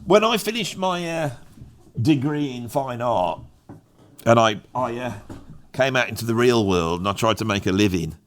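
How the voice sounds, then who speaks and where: A middle-aged man from England, a YouTuber and musician, talks off the cuff in a rambling, self-mocking, unscripted vlog monologue. His mid-range voice has lively intonation at a normal speed.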